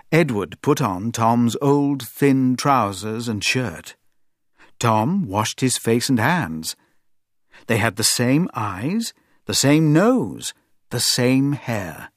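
A man reading a story aloud for a language textbook, in an expressive, clear storytelling manner. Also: medium pitch, takes it slowly, no echo, clean studio sound. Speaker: narrator. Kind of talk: scripted textbook story narration.

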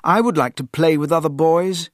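A man's voice: a little high, normal speed, no room sound, studio quality, voice pushed up, lightly acted. A man voicing a proud young boy prince who gives orders and talks eagerly, in a storybook reading. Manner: orders loudly, lively and eager.

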